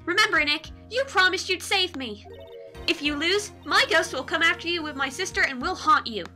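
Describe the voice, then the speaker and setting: A woman's voice: very high-pitched, normal speed, bright, forceful tone, soft background music, pitched above the performer's own voice, full character voice. A woman voicing a cheerful, chatty young woman medium in a video game read-along.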